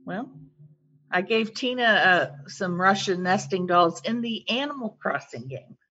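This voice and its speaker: A woman's voice: medium pitch, lively intonation, measured pace, bright, forceful tone, a little hiss or hum. A woman co-hosting a podcast over a video call, chatting casually in a teasing way. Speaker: podcast co-host. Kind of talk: casual chat. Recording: dull lo-fi video call audio.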